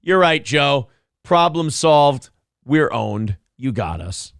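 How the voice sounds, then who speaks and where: Mocking, animated male show host. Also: medium pitch, slow pace, no room sound, clean studio sound. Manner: mocking, sarcastic, laughs often. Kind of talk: sarcastic political commentary.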